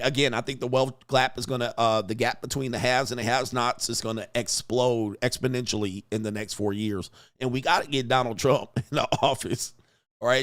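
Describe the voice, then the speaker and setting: A man's voice: mid-range voice, fairly bright tone. A man hosting a casual livestream, joking loosely with slangy, profane street talk, laughing often and reading viewer comments aloud. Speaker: livestream host.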